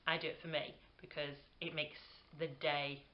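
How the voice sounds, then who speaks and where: A woman's voice: deep voice, level tone, normal speed, lo-fi sound. A British woman in her twenties chatting casually to camera, rambling with lots of "um" and "like" and laughing easily. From Britain. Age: 20s. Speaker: vlogger.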